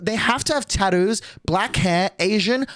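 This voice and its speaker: A man's voice: high-pitched, a little slow, a bit bright, dry recording, studio quality. A man quoting a picky, self-assured young woman, listing her demands in a matter-of-fact, dismissive way.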